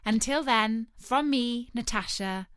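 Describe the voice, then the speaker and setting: A woman narrating a storybook in a gentle, unhurried manner. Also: fairly high pitch, clear, resonant tone, no echo, clean studio sound.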